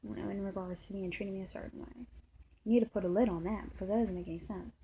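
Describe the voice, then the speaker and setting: A woman's voice: medium pitch, fairly even intonation, racing, creaky, warm tone, a little hiss or hum, low-quality recording. A woman vlogging a long, rambling personal story in a frustrated tone, full of fillers and restarts. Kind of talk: casual storytelling monologue.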